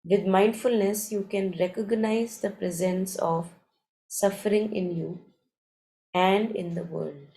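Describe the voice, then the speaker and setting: A woman leading a morning meditation, reading passages aloud and reflecting on them in a calm, unhurried, thoughtful way. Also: medium pitch, gravelly, rough recording. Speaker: meditation session leader.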